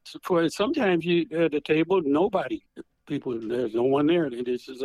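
Animated older man telling stories by phone. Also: a little high, normal speed, dry recording, low-quality recording. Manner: animated, acts out voices in his stories. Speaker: guest author, retired prosecutor. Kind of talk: storytelling interview. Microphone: phone handset.

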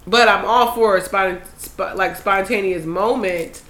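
A young woman in casual group chat, animated and swearing when worked up. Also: mid-range voice, unhurried. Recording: echoey room with faint noise.

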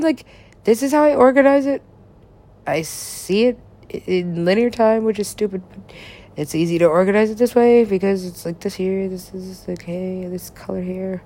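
A woman talking in rambling casual chat, laughing often, swearing freely and swinging her pitch up and down. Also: darkish tone. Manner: rambling, frequent laughter, profane asides, big swings in pitch.

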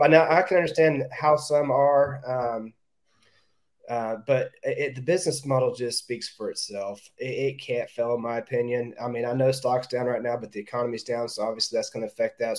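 A man's voice: medium pitch, fairly quick, a little mellow. A man who is a real estate agent, talking as a podcast guest in a direct manner, often repeating words as he thinks aloud. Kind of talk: casual interview talk.

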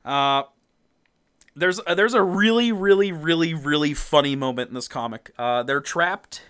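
A man co-hosting a podcast, recapping a comic in casual chat, animated, laughing often and swearing freely. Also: a little high, moderate pace, smooth. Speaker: podcast co-host.

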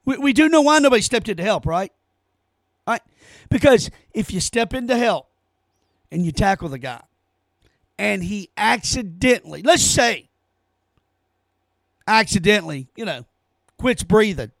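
A man's voice: high-pitched, expressive, normal speed, pauses often, fairly bright tone, no room sound, studio quality. A man hosting his own opinion podcast, ranting in an exasperated way straight to his listeners. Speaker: podcast host.

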